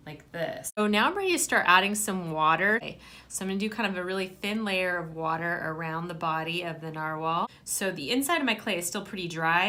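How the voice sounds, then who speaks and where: A woman's voice: lowish voice, bright, forceful tone. Patient woman teaching a clay craft. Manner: patient step-by-step instructions. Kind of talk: hands-on craft tutorial.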